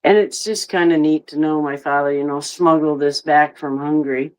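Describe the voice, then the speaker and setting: A woman with a Maine accent co-hosting a casual podcast, chatty and quick to laugh. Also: sits low, steady tone, clear, resonant tone, low-quality recording. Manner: chatty, laughs often, fillers like "you know". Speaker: podcast co-host.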